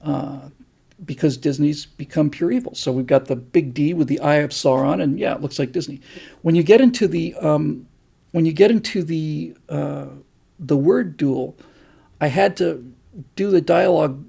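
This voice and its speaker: A middle-aged man hosts a casual livestream and rambles enthusiastically through viewer comments. His voice is husky and gravelly, with a dark tone. He sits a little higher in pitch than most men. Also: moderate pace. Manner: rambling and enthusiastic, with many fillers. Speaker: host.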